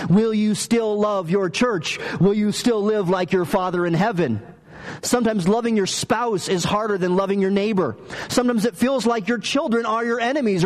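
High-voiced man preaching a sermon. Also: a little mellow. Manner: conversational, story-driven preaching with asked questions. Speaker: pastor.

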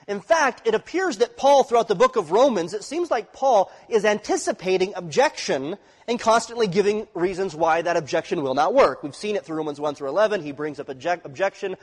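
A man's voice: sits high, husky, long reverb tail. A man preaching an expository sermon, teaching and often checking in with his listeners. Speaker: pastor.

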